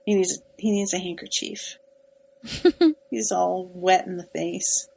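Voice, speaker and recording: A woman's voice: lowish voice, fairly even intonation, slow, vocal fry, a little mellow, husky, poor audio. A woman co-hosting a podcast, casually recapping a TV episode in an emphatic, sympathetic way with lots of fillers. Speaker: podcast co-host.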